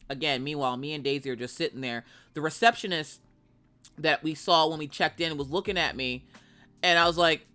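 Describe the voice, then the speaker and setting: A woman in her thirties telling a story in a blunt, animated way as a streamer. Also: deep voice, fairly quick, soft background music. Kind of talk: casual storytelling.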